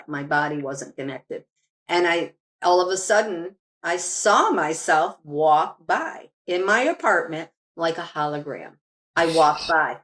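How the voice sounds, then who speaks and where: A woman's voice: deep voice, fairly bright tone. A middle-aged woman, a medium, telling a personal story as a podcast guest in a rambling way, with restarts and fillers.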